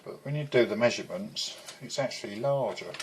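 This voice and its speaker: A man's voice: lowish voice, a little fast, slight background noise. A man reviewing a model kit in a chatty, rambling way at home. He is a bit out of breath, swears now and then and often loses his thread.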